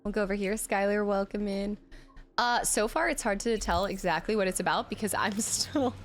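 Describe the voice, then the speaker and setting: A chatty woman talking through a live game stream, reading out viewer comments and answering them between moves. Her voice sits at an ordinary middle pitch and her talk is loose and animated. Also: normal speed, faint music behind. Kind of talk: casual live-stream chat while gaming.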